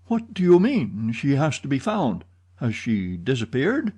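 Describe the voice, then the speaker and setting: A man voicing an agitated middle-aged opera manager in an audiobook, pleading and accusing loudly. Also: mid-range voice, a little slow, slightly rough, pitched above the performer's own voice, heavily acted. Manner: excited, pleading, shouting accusations. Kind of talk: audiobook character reading.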